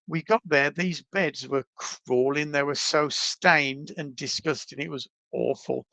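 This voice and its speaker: A man, a podcast guest, telling travel stories in a casual, animated, self-deprecating way over a video call. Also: fairly high pitch, normal speed, no room sound. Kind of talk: casual storytelling.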